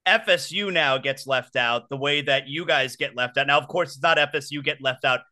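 A man hosting a sports talk show, firing quick, pointed questions at his guest. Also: mid-range voice, sharp tone.

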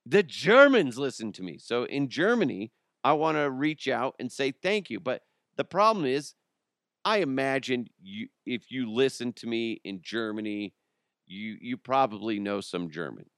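A man's voice: mid-range voice, very animated, normal speed, a bit bright, no room sound, studio quality. A man hosting his own podcast, talking casually in a rambling, joking and self-mocking way. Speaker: podcast host. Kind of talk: casual solo podcast talk.

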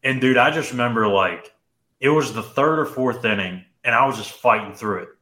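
A young man co-hosting a podcast, telling a personal story in casual chat, animated and full of "dude" and "like". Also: medium pitch, normal speed, echoey room. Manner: animated, says "dude" and "like" often. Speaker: podcast co-host.

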